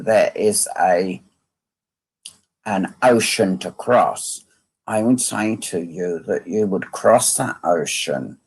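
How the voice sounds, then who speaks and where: Slow, gravelly man giving a medium reading. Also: on the low side. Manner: slow, repetitive phrasing, asking "can you understand this?". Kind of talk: live online mediumship reading.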